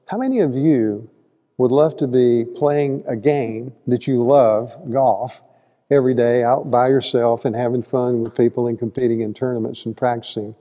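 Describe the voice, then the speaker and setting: A man's voice: mid-range voice, moderate pace, dark tone, in a large hall, lo-fi sound. A man teaching a conversational Bible class, folksy and asking the listeners questions as he goes. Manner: folksy, asks the audience questions, acts out quotes. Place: church hall.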